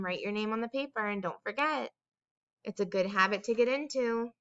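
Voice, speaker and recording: A woman teaching young children in a recorded dictation lesson, with a bright, smooth voice. She talks slowly in a sing-song way and draws out each sound of a word. The recording is a little dull and lo-fi. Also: a little high.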